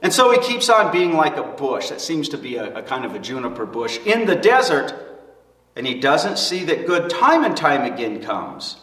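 Male pastor, high-pitched, earnest sermon delivery; echoey hall recording from a distance. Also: sing-song, normal speed, a bit bright. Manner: earnest preaching with rising emphasis and restarts. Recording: echoey hall, mic far off.

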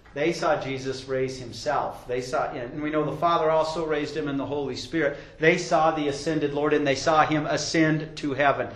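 A man preaching a sermon to a congregation, emphatic and rising loud when he quotes scripture. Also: fairly high pitch, echoey room, rough recording. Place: church hall with a congregation.

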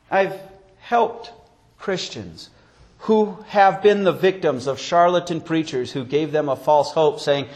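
A man preaching a sermon as pastor, telling stories and acting out quotes, with sharp rises and drops in his voice. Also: sits high.

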